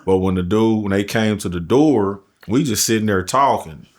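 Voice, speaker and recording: A man's voice: fairly low pitch, moderate pace. A man telling a prison story in casual, profane street talk as a podcast guest. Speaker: podcast guest, formerly incarcerated.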